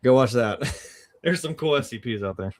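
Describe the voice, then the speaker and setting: A man's voice: mid-range voice, lively intonation, normal speed. A man co-hosting a casual podcast chat, joking around and swearing freely. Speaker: podcast co-host.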